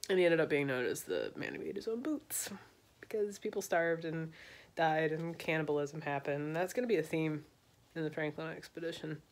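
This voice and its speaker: A woman's voice: low-pitched, animated, a little fast. A tipsy woman telling a history story in a rambling, slangy, loose way. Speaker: vlogger.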